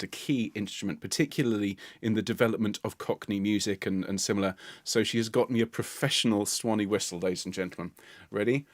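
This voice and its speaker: A jovial British man hosts a choir livestream, chatting playfully with viewers and laughing often. His voice sits low, and the sound is dry and close, with no room around it. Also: dry recording. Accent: British English. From United Kingdom. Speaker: choir leader hosting a livestream.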